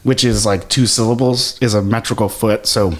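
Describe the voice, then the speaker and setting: A man with a fairly low voice chats as a guest on a casual podcast. He is a Shakespearean actor and explains things at length, stopping and restarting and filling gaps with ums and likes. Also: fairly even intonation, moderate pace.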